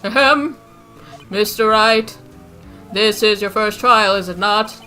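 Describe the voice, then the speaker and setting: A woman's voice: medium pitch, slow, pushed and bright, soft background music, rough recording. A woman voicing an older male judge who speaks in a formal, pronounced way.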